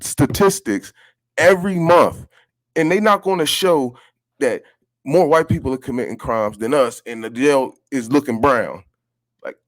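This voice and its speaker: A young man, hosting a casual live-stream talk in a blunt, impassioned, slangy way. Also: mid-range voice. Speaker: host.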